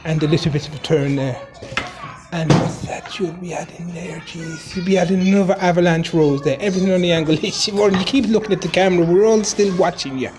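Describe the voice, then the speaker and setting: A man's voice: high-pitched, fairly quick, darkish tone, soft background music, lightly acted. A man doing a jokey mock-Irish narrator. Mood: amused. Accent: put-on Irish. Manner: wry running commentary, chuckling, mutters "Jesus" a lot. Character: jokey male narrator with a put-on Irish lilt. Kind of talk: mock silent-movie voiceover.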